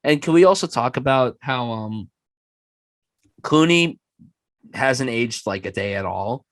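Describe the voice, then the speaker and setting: Male podcast host, casual film chat, excitable and profane, average pitch, dry close sound. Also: measured pace, no echo. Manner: enthusiastic, profane, puts on mock voices.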